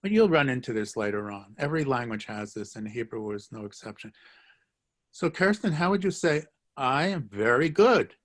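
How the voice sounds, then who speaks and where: A man's voice: mid-range voice, animated, moderate pace. A man teaching a live online language lesson, joking, encouraging and repeating phrases for his students. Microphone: video call.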